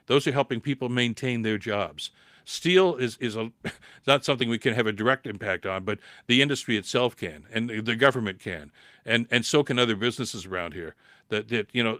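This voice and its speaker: A man's voice: lowish voice, a little fast, fairly bright tone, no room sound. A Canadian man hosting a live political podcast, reading viewer comments and answering them in an impassioned way, his throat dry from a recent cold. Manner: impassioned, repeats words, rising to emphatic peaks.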